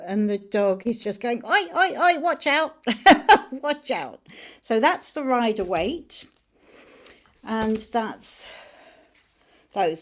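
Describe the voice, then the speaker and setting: A woman's voice: fairly high pitch, darkish tone. Chatty woman teaching tarot. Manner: friendly, chatty, explaining cards as she shows them. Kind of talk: informal teaching on camera.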